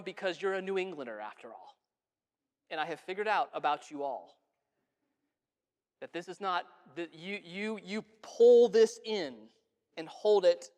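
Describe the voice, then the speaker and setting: A male pastor delivers a sermon in an earnest, conversational way, and his voice sits fairly high for a man. He drops to soft, hushed tones for quoted words. The sound carries a long reverb from the church sanctuary.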